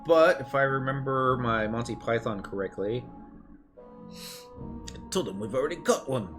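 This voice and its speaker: A man giving casual, offhand gaming commentary between cutscenes, with quick, lively asides. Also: mid-range voice, over music. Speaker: gamer reading cutscenes aloud.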